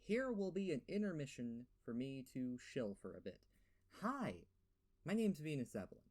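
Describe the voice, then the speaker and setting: A man's voice: medium pitch, sing-song, fairly quick, mellow. A young man with a lisp giving a sarcastic, profane game review voiceover, full of fillers and rants. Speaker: gaming video host.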